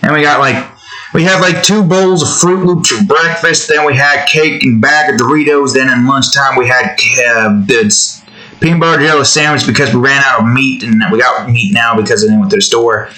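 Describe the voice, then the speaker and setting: A man chatting casually to his viewers while drawing, rambling from joke to joke. He curses freely and leans on fillers. His voice is bright and forward, sitting in an average pitch range. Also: moderate pace, rough recording. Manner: jokey, rambling, profane, many fillers. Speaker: channel host.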